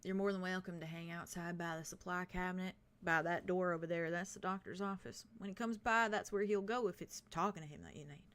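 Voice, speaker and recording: A woman's voice: on the low side, a little fast, few pauses, fairly bright tone, lightly acted. A woman voicing a friendly male android hospital caretaker with a put-on Southern accent, polite and hospitable in a tabletop game. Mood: chatty.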